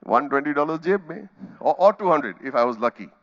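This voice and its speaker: A middle-aged Indian-accented man tells a story from the stage, his voice pitched a little high and swinging wide as he acts out each scene. He throws in sound effects and quoted voices. The conference recording sounds dull and lo-fi. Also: expressive, brisk. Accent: Indian English. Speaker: keynote speaker. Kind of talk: storytelling keynote speech.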